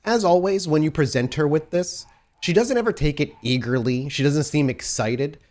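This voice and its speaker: A man's voice: a little high, moderate pace, a little mellow. A man working as game master, narrating scenes to the players in the second person.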